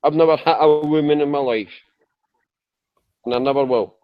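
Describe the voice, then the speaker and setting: A man's voice: fairly high pitch, moderate pace, no echo. A man talking in an online voice chat, rambling and apologetic, repeating himself, woozy and drowsy from medication. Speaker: chat room panelist. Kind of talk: emotional voice chat. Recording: dull lo-fi voice chat audio.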